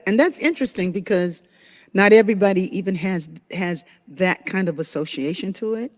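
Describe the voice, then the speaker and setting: A woman hosts a spiritual conversation, speaking at a moderate pace in a mid-range voice. She tells a personal story in an animated way, with plenty of laughter and affirming murmurs of agreement.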